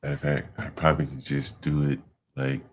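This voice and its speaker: Male stream host, very low voice, rambling and profane. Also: level tone, fairly quick, background noise. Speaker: livestream host. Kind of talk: casual livestream talk.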